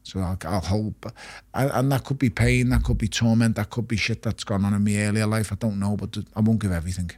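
A man's voice: fairly low pitch, fairly even intonation, fast talker, darkish tone, dry recording. A middle-aged man, a retired boxer talking candidly in an interview, blunt and swearing. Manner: blunt, swears often, repeats words when emphatic. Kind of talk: candid podcast conversation.

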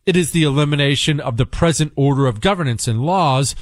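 A man's voice: a little high, fairly quick, no room sound, clean studio sound. Playful, sarcastic man hosting a radio talk show. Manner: sarcastic, playful, teasing storytelling. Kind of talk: casual radio talk with ad reads. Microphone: studio microphone.

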